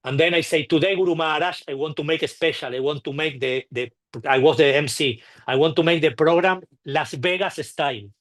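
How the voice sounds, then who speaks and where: Man, slightly high voice, animated anecdotes, halting, many restarts, temple talk. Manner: halting, with frequent restarts and repeated words; animated, acting out the people in his stories. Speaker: devotee sharing memories at a temple.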